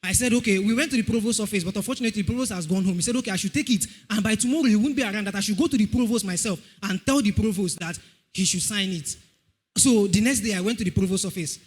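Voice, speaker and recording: A young man with a Nigerian accent tells an animated testimony in church, acting out the voices of others. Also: high voice, quick pace, slightly rough, long reverb tail. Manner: animated storytelling, acts out voices. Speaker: church member giving testimony.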